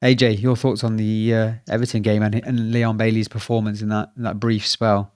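A man hosting a casual football podcast, talking in a halting way with many fillers and restarts. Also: fairly low pitch, flat delivery, a little mellow, clean tone, dry recording, clean studio sound. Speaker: podcast host.

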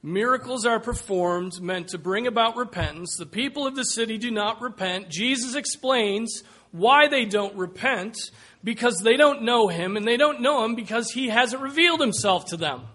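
A man preaching a sermon, slow and emphatic, dropping to a hush and rising to loud calls. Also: very high-pitched, animated. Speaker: pastor.

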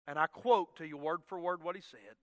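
A man preaching a sermon, telling a conversion story, swinging from loud emphatic peaks to hushed asides. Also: a little high, fairly quick, dry recording, studio quality, big-room sound.

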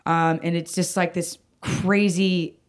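A woman's voice: on the low side, level tone, slow pace. A woman telling a personal story in casual chat, rambling, full of "like" and "um", with frequent restarts and casual swearing.

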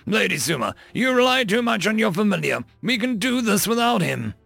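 A man's voice: high voice, sing-song, brisk, creaky, a bit bright, husky, dry recording, faint music behind, voice pushed up, heavily acted. Stern winged guardian, voiced by a man. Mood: formal. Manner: formal, addresses others by title.

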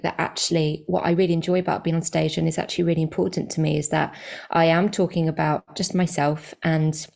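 A chatty woman comedian talking casually as a guest in an interview. Her voice sits fairly low and has a gravelly edge. She often restarts her sentences and fills the pauses. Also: level tone, a little mellow. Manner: chatty, self-correcting, many fillers.

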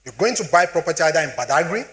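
Animated Nigerian man addressing an audience. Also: on the high side, racing. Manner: animated, asks the audience questions often. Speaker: speaker on personal finance. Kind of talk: motivational talk to an audience.

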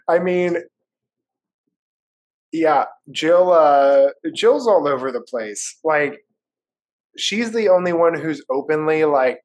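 A man's voice: a little high, expressive, slow pace, long pauses. A man co-hosting a casual book discussion, making dry joking asides. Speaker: podcast co-host.

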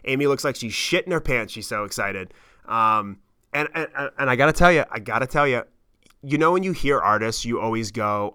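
Thirties guy rambling thru a story on his podcast, cussing a lot, smooth crisp voice. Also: mid-range voice, fairly quick. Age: 30s. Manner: animated, profane, rambling with many fillers. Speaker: podcast host. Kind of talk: casual storytelling monologue.

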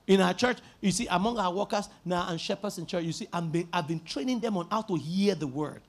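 A man with a very high, husky voice preaches a sermon. He swings his pitch up and down as he drives points home, repeating key words and breaking into shouts. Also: animated, fast, few pauses. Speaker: pastor.

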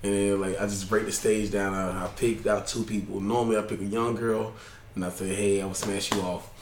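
A man tells his stand-up stories in a relaxed, rambling way during a casual podcast chat. His grammar is loose and colloquial. The room gives his voice a noticeable echo. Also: lowish voice, brisk, slight background noise. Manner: laid-back storytelling, colloquial grammar. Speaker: comedian guest.

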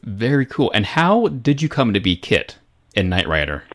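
A man's voice: on the low side, sing-song, normal speed, fairly bright tone. A man interviewing a guest, eager, with brief reactions. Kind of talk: interview questions.

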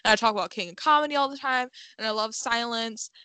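A woman's voice: a little high, fast, bright, forceful tone, no echo. A young adult woman, a podcast guest, talking casually with lots of "like" and some swearing. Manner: chatty, peppered with "like" and casual swearing. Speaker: podcast guest, film editor. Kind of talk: casual interview chat.

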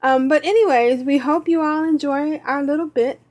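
A woman's voice: high-pitched, fairly even intonation, normal speed, a little mellow. A woman co-hosting a podcast, reading listener email aloud in a playful, giggly way. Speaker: podcast co-host.

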